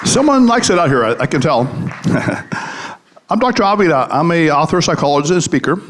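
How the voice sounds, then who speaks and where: Animated, high-voiced male comic speaker. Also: normal speed, slight background noise. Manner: joking, anecdote-telling, engages the audience. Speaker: psychologist and podcast host giving a live talk. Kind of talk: comedic motivational speech.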